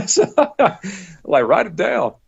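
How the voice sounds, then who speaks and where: A man with a Southern accent from the Atlanta area, chatting casually in a rambling, halting way with frequent laughs. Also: sits high, big pitch swings, gravelly, breathy edge. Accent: Southern US, Georgia. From Georgia, US South. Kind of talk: casual chat. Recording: dull lo-fi podcast audio.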